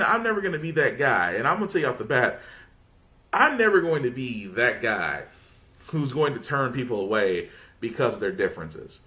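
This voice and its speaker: Male podcast host, bright, forceful tone, loose conversational monologue with restarts. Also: on the high side.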